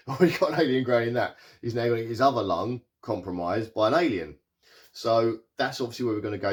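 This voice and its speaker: Guy rambling through a tv recap, lowish voice, lots of um and like. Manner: rambling, lots of fillers and restarts, paraphrases characters in quick asides. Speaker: TV show reviewer. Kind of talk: casual recap and review.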